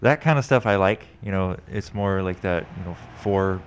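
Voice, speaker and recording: A man's voice: deep voice, moderate pace, slight background noise. A man on a casual podcast panel who speaks in a laid-back, hesitant way and turns blunt when teasing.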